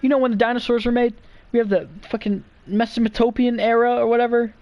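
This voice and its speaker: A man's voice: extremely high pitch, fairly even intonation, fast talker, no echo, dull audio. A young man streaming, telling stories in a rambling, profane way full of fillers. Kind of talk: casual live-stream chat. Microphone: streaming mic.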